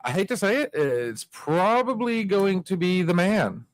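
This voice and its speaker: Guy cohosting a bar chat, kinda high voice, jokey and self-deprecating, dry sound. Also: sing-song, measured pace, no echo. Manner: joking, self-deprecating, laughs often. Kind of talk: casual bar-show banter.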